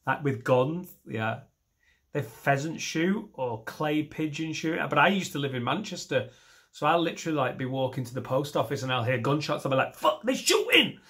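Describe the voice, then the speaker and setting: Self-mocking comic. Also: male voice, mid-range voice, moderate pace, a bit bright. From northern England. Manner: self-deprecating, rambling, mixes in silly voices. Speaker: stand-up comedian. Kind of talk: stand-up comedy set.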